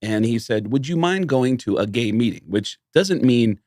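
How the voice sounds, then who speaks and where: A man tells a long anecdote as a podcast guest, jumping in pitch as he acts out each quoted exchange. His voice sits at an ordinary male pitch and is recorded dry. He talks in a loose, casual way. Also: normal speed, no room sound. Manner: animated storyteller, acts out quoted dialogue. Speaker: comedian guest.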